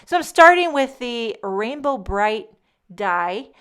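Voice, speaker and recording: A woman hosts a casual card-making tutorial, narrating chattily with plenty of joking asides. Her voice is a little high, fairly bright and clean, very animated yet slow.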